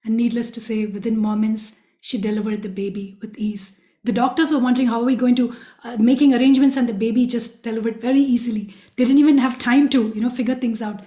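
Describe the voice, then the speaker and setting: A woman tells devotional stories in an earnest voice, often turning to speak directly to her listeners. Her voice sits a little high but has a soft, mellow tone. The recording carries a noticeable room echo. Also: fairly even intonation, fast. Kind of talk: storytelling talk. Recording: echoey room.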